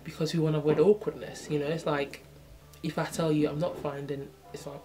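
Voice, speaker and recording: A woman's voice: low voice, little pitch movement, brisk, warm tone. Chatty young woman vlogging to camera. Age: 20s. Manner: chatty, reflective, lots of "you know what I mean"; acts out little dialogues in changed voices. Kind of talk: casual talk to camera.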